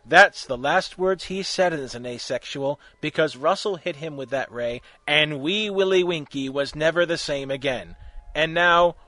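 A man narrating a comic fan fiction story in an animated, mocking way. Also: on the high side, dry recording. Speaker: story reader.

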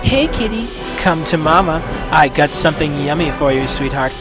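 A cheerful young woman cooing in a high, sing-song voice, as a male narrator puts her on. Faint music sits behind this storybook reading. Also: animated, normal speed, natural voice.

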